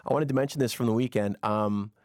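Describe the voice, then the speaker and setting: A man co-hosting a radio podcast, telling stories in a casual, animated way and acting out other people's voices. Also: on the low side, fast, no room sound, studio quality. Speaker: radio co-host.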